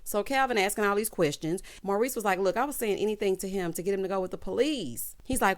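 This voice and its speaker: A woman's voice: mid-range voice, fast, hardly any pauses. A woman recapping a TV drama in casual, sassy commentary, acting out the characters' lines in a Southern-tinged style. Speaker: TV recap host.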